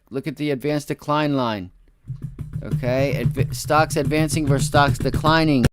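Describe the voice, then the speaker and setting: A man hosting a day-trading livestream, giving slangy, boastful live market commentary straight to his viewers. He swings between loud excited bursts and low mutters to himself. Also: smooth, no echo.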